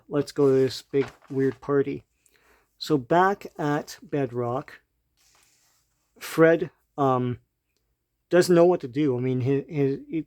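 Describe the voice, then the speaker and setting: A man with a mellow, mid-pitched voice casually walks through an old comic book. He rambles, restarting sentences and filling gaps with ums and uhs. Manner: laughs lightly between remarks.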